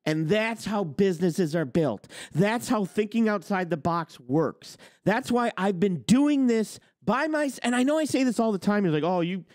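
Swearing, animated man in his forties. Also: high-pitched, normal speed, few pauses, dry recording, studio quality. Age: 40s. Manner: blunt, boastful, swears constantly. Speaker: host. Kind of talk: heated profane rant.

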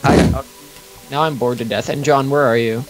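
A man's voice: medium pitch, steady tone, normal speed, faint music behind, low-quality recording. A man chatting casually while playing a video game with friends, joking and bossing his teammates around. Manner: playful, bossy, joking. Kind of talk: casual let's play chat.

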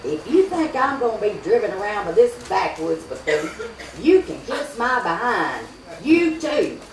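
A woman playing a cantankerous, sharp-tongued elderly mother who scolds bluntly. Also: medium pitch, big pitch swings, unhurried, slight background noise. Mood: scornful. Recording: echoey room from a far camera.

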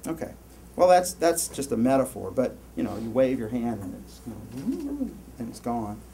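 Rambling, animated male lecturer. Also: medium pitch, normal speed, gravelly, a little hiss or hum. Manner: animated, rambling, lots of self-interruptions. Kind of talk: university lecture. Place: lecture hall.

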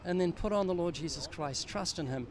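Speaking slightly high and slightly fast, an older street evangelist earnestly presses his faith on a stranger in the city. His tone is grave and pleading throughout the conversation.

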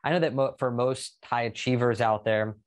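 Speaking at a moderate pace in a steady, mid-range voice, a man hosts a podcast and interviews his guest casually. His manner is upbeat and chatty, and his questions run long.

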